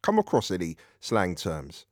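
A man's voice: deep voice, wildly swooping pitch, unhurried, dry recording, clean studio sound. A male radio presenter chatting in a friendly way with a caller and using lots of fillers. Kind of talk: radio phone-in chat.

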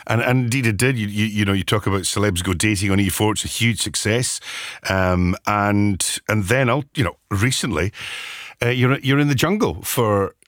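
A man's voice: fairly low pitch, moderate pace, fairly bright tone, no echo, clean studio sound. A man hosting a radio interview, talking enthusiastically and often restarting his phrases. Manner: enthusiastic, with frequent stammered restarts. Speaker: radio host.

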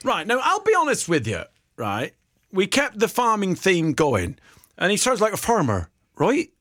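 A man's voice: sits high, huge pitch swings, moderate pace, fairly bright tone, no room sound, clean studio sound. A male radio presenter chatting on air in a jokey, self-mocking way and reading promos.

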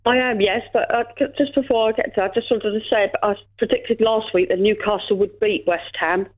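A woman's voice: mid-range voice, steady tone, fairly quick. A woman caller talks hesitantly and uses many fillers. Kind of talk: casual phone-in chat. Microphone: telephone. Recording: tinny phone line.

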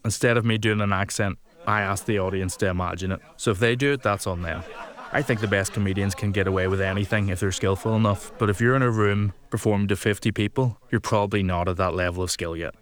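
Low-voiced man reflecting on comedy. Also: steady tone, quick pace. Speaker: comedian commenting on his set. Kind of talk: talking-head commentary.

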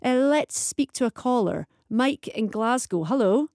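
A woman's voice: on the high side, expressive, a little slow, darkish tone, no room sound, clean studio sound. A woman hosting a radio phone-in show, chatty and teasing with her callers and guests. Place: radio studio.

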